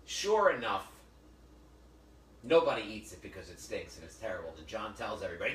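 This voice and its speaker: A man hosting a casual cooking show, joking and telling stories in a chatty, animated way. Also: lowish voice, moderate pace. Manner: chatty, jokey, animated storyteller. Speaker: host of a live cooking show. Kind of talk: casual storytelling chat. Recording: echoey room, mic at a distance.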